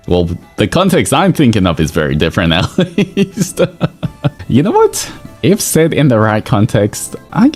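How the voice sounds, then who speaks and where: A man's voice: on the low side, darkish tone. A man streaming in casual chat, playful and teasing, often breaking into laughter.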